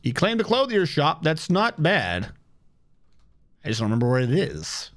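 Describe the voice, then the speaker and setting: A man's voice: on the high side, sing-song, normal speed. A man streaming a strategy game, chatting casually and reading in-game text aloud with wry, sarcastic asides. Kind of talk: casual gameplay commentary.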